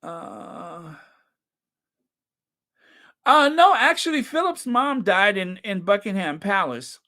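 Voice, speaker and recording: A man's voice: high-pitched, animated, slow, sharp tone. A man hosting a casual live-stream chat, chatty, reading out viewer names and comments and laughing often. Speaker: channel host.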